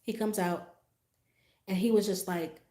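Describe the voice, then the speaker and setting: A woman livestreaming tells a story straight to her viewers in a loose, profane, animated way, acting out her own reactions as she goes. Her pitch sits in the ordinary middle range. The voice carries a roomy echo. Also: unhurried. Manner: talks straight to her viewers with frequent asides. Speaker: livestream host telling a story. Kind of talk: casual storytime monologue.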